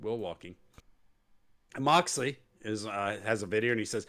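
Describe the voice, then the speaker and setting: A man's voice: on the low side, moderate pace, long pauses, a bit bright. A man hosting a wrestling podcast, recapping the show in casual chat with sarcasm and silly impressions of wrestlers. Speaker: podcast host.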